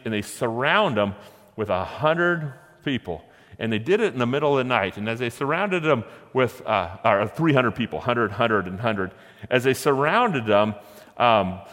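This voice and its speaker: A male pastor tells a story from the pulpit in a lively, conversational sermon, with chuckling asides. His mid-pitched voice carries a long reverb from a big church hall. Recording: echoey hall.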